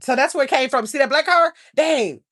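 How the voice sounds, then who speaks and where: A woman's voice: high voice, a little fast, fairly bright tone. An older woman chats casually on a livestream. She rambles, stops to search for things, and calls her viewers y'all. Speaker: channel host.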